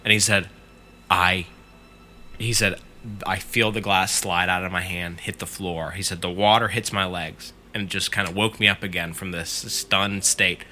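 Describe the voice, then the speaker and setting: A man's voice: low-pitched, steady tone, a little slow, bright, forceful tone, slight background noise. A man casually retelling a friend's scary story in the first person, swearing freely as he goes.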